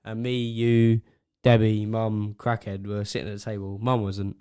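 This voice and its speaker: A man's voice: lowish voice, little pitch movement, normal speed, darkish tone, smooth. A young man co-hosting a podcast, who teases and laughs a lot in casual chat. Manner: giggly, teasing listener. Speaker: podcast co-host.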